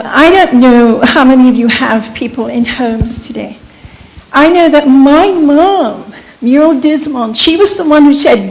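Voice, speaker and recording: A woman's voice: high-pitched, poor audio. A woman, speaking earnestly from the audience at a meeting, rambling with restarts. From Bermuda. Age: 70s. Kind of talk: emotional personal testimony.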